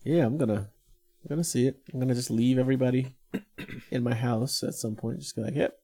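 A middle-aged man co-hosting a casual chat, animated and laughing often. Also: medium pitch, brisk, breathy edge. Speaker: podcast co-host.

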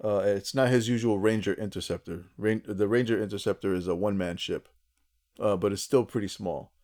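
Low-voiced man recapping a cartoon. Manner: animated storyteller, quick asides, frequent laughter. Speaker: podcast co-host. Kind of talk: casual chat recapping a cartoon episode.

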